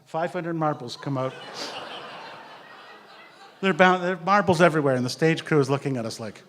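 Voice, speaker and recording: A man telling lively anecdotes, acting out the voices of the people in them and laughing as he goes. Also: fairly high pitch, moderate pace, in a large hall, slight background noise. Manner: animated, acts out quotes, laughs often. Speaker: storyteller sharing memories. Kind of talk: anecdotal storytelling.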